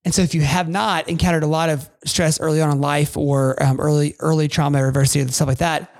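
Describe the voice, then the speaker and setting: Gravelly-voiced man on a podcast. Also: fairly high pitch, flat delivery, fast talker. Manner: rambling, with many restarts and asides. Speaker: podcast co-host. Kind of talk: casual podcast chat about parenting.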